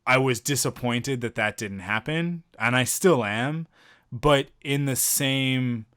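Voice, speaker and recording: A man's voice: medium pitch, slow, fairly bright tone, clear, resonant tone, no echo, studio quality. A man co-hosting a podcast, enthusiastically retelling a film scene in casual chat, often restarting his sentences. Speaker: podcast co-host reviewing a film.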